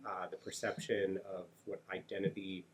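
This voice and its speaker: An interviewer with a very low-pitched voice works through a question haltingly, leaning on fillers and restarts. Faint background hiss sits under the voice. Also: little pitch movement. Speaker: journal interviewer. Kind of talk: conversational academic interview.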